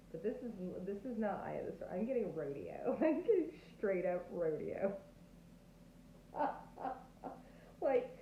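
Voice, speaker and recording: A woman giving a casual tarot reading, bubbly, laughing often and acting out quoted reactions. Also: high-pitched. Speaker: tarot reader. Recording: echoey, tinny phone-like sound with faint noise.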